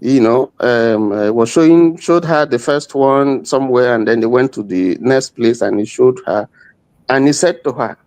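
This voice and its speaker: A man's voice: medium pitch, moderate pace, a little mellow, no echo. A middle-aged man, arguing emphatically as a panel guest and repeating himself. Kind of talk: heated debate.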